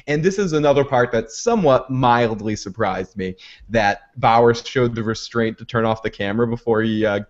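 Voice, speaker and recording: A man hosting a casual TV recap, telling the story with energy and slipping into quick voices for the characters. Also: mid-range voice. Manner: animated, acts out scenes in quick put-on voices. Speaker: show host. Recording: dull lo-fi recording.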